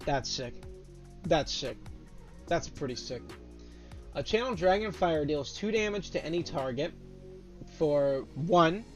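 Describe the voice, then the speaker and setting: A young man with a fairly high-pitched voice reads out trading card text in a casual tone. He breaks into loud, swearing outbursts of excitement between cards. Faint music plays underneath. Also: takes it slowly, long pauses. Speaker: card game content creator. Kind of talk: casual card spoiler reaction.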